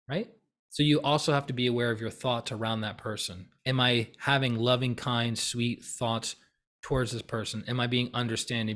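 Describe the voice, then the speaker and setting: A man giving a casual spiritual teaching talk, conversational and full of tag questions, now and then acting out heated voices. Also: medium pitch. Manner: animated, acts out heated voices mid-talk.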